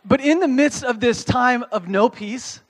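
High-voiced man preaching a lively sermon. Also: measured pace. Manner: animated, keeps asking the listeners "okay?"; reads scripture aloud, then explains it plainly. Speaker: pastor. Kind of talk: conversational sermon.

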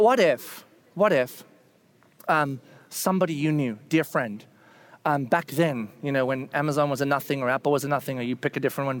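A man with a high voice delivers a sermon in a loose, conversational way. He keeps breaking into animated acted-out quotes, his voice leaping up when he does. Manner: animated, acts out voices with big pitch jumps; casual and conversational, with fillers and restarts. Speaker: pastor.

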